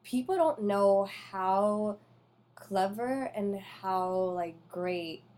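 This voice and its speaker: A woman hosting a casual chat, talking in an animated, chatty way full of fillers. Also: mid-range voice, very slow.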